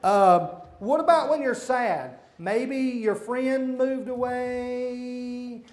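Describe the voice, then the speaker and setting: A man giving a children's sermon, asking the kids simple questions and hushing them as he goes. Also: extremely high pitch, extremely slow. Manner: hushes and redirects children mid-talk. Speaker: children's church leader.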